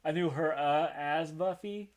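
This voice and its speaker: A man's voice: fairly high pitch, measured pace. A man co-hosting a podcast, chatting casually about a film with lots of fillers and restarts. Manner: rambling, many fillers, acts out quoted lines. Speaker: podcast co-host. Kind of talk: casual movie review chat.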